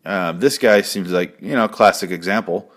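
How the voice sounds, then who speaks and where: A man's voice: low-pitched, normal speed, a bit bright. A man hosting his own show, rambling through a casual recap with swearing and jokes. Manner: rambling, profane and jokey. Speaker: podcast host.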